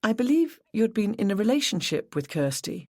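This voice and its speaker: A narrator voicing a patient woman detective who asks polite, gently persistent questions. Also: mid-range voice, very animated, normal speed, no room sound, clean studio sound, pitched above the performer's own voice. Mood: probing. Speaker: police detective.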